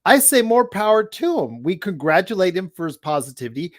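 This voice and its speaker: A co-host on a casual sports podcast who speaks in a calm, measured, conciliatory way. The pitch moves up and down lively. It sounds like an easygoing voice smoothing over a heated moment.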